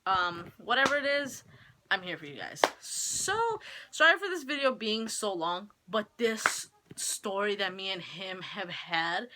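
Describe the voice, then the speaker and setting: With a medium-pitched voice and background noise around her, a teenage vlogger talks to the camera at home while holding her baby. She chats about being a young mom in a rambling way, peppered with "like" fillers.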